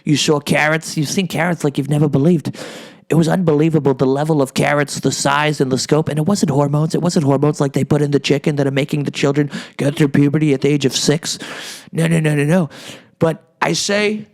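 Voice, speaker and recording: A man's voice: on the high side, steady tone, fairly quick, natural voice. A comedian impersonating a brash, boastful older male politician in a rambling comedic monologue.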